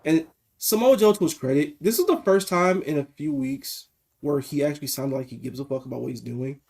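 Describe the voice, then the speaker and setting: A man co-hosting a casual wrestling review podcast over a video call, animated and swearing freely. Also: on the high side, vocal fry. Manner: animated, swearing, quick asides. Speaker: podcast co-host.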